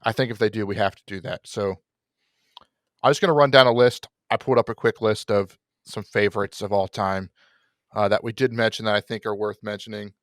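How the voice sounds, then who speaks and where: A man's voice: on the low side, fairly even intonation, a little fast, no echo, clean studio sound. A man co-hosting a football podcast, chatting eagerly and often tripping over his words. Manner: enthusiastic, stumbling over words. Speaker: podcast co-host. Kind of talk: casual chat.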